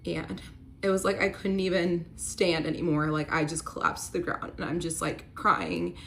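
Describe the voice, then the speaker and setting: A woman's voice: on the low side, fairly even intonation, normal speed, gravelly, fairly bright tone, a little hiss or hum. A young woman telling a personal story to her phone camera, candid and earnest, with a casual "like" running through her talk. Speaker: real estate agent telling her story.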